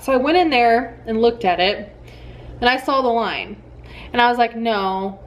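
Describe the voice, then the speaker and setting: A young woman in her twenties telling a personal story to camera in an excited, chatty way, full of quoted thoughts and fillers. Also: a little high, a little hiss or hum, low-quality recording. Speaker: vlogger.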